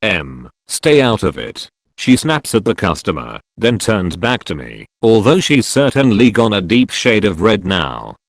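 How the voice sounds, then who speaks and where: Male narrator, low voice, lively read, dry. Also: normal speed, creaky, few pauses, no echo. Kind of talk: scripted story narration.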